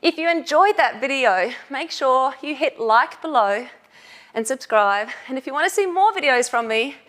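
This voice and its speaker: A woman's voice: high voice, animated, normal speed, a bit bright. A woman fitness instructor talking viewers through handstand drills, cueing and counting reps while she strains to hold the poses.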